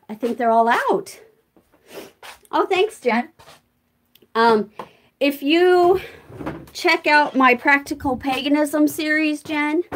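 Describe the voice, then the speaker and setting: Chatty older woman, slow and easy. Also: fairly high pitch. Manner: chatty, warm toward her cats, answers viewer comments. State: winded from walking. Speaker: vlogger. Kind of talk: casual live-stream chat while doing chores. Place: her home, moving between rooms.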